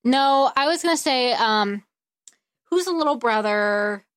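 Co-host, woman, a bit high-pitched, quick wry questions, dry sound. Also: expressive, dry recording. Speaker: podcast co-host. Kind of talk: casual chat.

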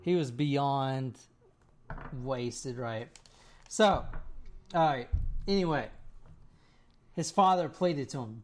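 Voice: mid-range voice, slow pace, long pauses, darkish tone. A person telling a story to friends in a casual, rambling way, with many "like"s and "right?"s.

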